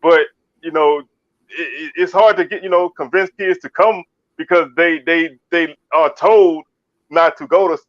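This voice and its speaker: A Baton Rouge, Louisiana man co-hosts a casual sports talk show, chatting in a slightly high voice with fairly even intonation at a normal speed. He often restarts and repeats his words. The recording is dull, lo-fi, and dry, with no room sound.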